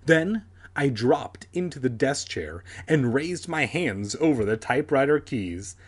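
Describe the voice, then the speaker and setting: A man's voice: mid-range voice, lively intonation, unhurried, slightly rough. A young man reading a children's horror book aloud with sardonic, crude comic asides. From San Diego area.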